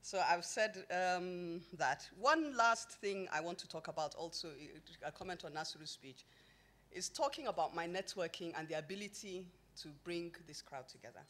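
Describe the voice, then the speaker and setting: Lively woman giving a launch speech. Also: fairly low pitch, normal speed. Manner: humorous storytelling, emphatic and lively. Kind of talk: formal speech with personal anecdotes. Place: event venue before an audience.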